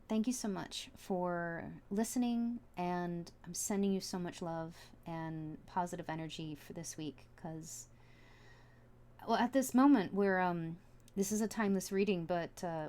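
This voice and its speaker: A woman talks through a tarot spread in a loose, casual way, stopping and restarting her sentences. Her tone is soft and sincere, and she gets quietly emotional as she reassures the listener. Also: lowish voice, measured pace. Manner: chatty, earnest, full of fillers and restarts; soft and heartfelt, at times emotional. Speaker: tarot reader. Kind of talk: casual tarot reading to camera.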